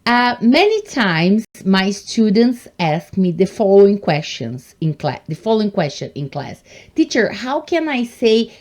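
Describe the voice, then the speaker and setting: A woman teaches English in an online lesson. Her pitch swings widely and she speaks slowly and deliberately. She keeps encouraging her viewers and addresses them as guys. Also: very animated, darkish tone. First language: Portuguese.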